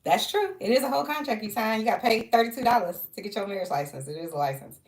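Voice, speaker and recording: A woman's voice: on the high side, animated, quick pace. Chatty woman vlogging in an echoey room. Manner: rambling, chatty, jumps between asides. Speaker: social worker and vlogger. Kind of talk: casual chat.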